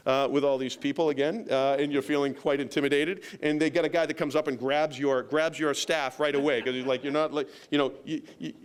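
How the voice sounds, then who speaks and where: A man's voice: a little high, clean tone. A man, a county sheriff telling a story to a local meeting in a loose, rambling way with many restarts and a self-deprecating humor.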